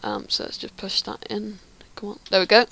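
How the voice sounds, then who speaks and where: A woman's voice: medium pitch, fairly even intonation, moderate pace, gravelly, fairly bright tone, slightly rough, no room sound. A woman giving a casual game tutorial, rambling with lots of ums and restarts. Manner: rambling, hesitant, many ums. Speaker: Minecraft tutorial creator.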